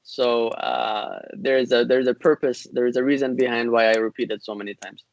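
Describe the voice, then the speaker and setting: A man's voice: mid-range voice, steady tone, brisk, creaky, dry recording, muffled recording. A man teaching an online grammar class, patient and repetitive, with many fillers and restarts.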